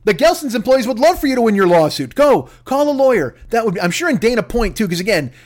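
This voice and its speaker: In an extremely high, sing-song voice, a man hosting a podcast rattles off a quick, angry and sarcastic comedic rant packed with heavy swearing.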